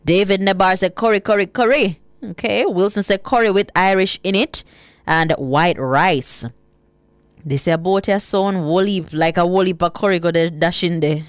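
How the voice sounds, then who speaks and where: A Jamaican woman hosting live radio, reading out listener comments with a lively, laughing manner and slipping into patois. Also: lowish voice, moderate pace, no room sound. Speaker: radio host.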